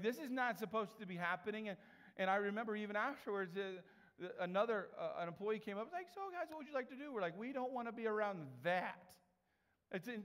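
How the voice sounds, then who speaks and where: A man preaching a sermon in a chatty storytelling way, acting out the people in his stories. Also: a little high. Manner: conversational storytelling with animated quoted voices. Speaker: pastor. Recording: long reverb of a large hall.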